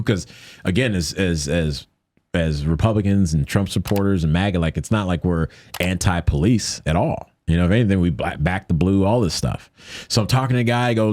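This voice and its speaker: A man telling a story as a podcast guest in casual chat, lively and jokey, often acting out what people said. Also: fairly quick, dry recording. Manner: animated, acts out quoted lines in a higher voice; jokey, conversational with many fillers.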